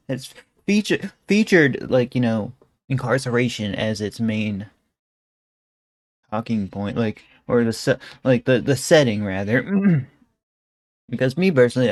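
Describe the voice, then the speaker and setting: Young guy streamer, slangy and halting, very dry close mic. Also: mid-range voice, no room sound. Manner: rambling, slangy, hesitant. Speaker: streamer reacting to a video. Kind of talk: casual reaction commentary.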